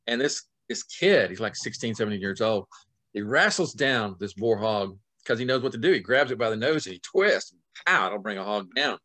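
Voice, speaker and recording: Male author guest, middle-aged, animated yarn-spinner, dry close recording. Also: fairly low pitch, a little fast, no echo. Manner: lively, acts out scenes with sudden loud and soft swings. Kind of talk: animated storytelling in conversation.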